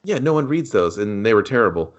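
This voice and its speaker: A man's voice: on the low side, very animated, quick pace, dull audio. A man co-hosting a movie review show, chatting casually, swearing and acting out scenes for laughs. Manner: joking, swears often, acts out scenes. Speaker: movie review podcast co-host. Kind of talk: casual profane banter.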